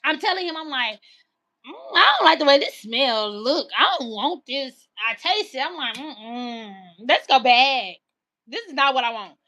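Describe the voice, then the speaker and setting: Animated, bright-voiced woman storyteller. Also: high voice, moderate pace. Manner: animated, exasperated retelling with quoted dialogue. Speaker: livestreamer. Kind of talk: casual storytelling to viewers.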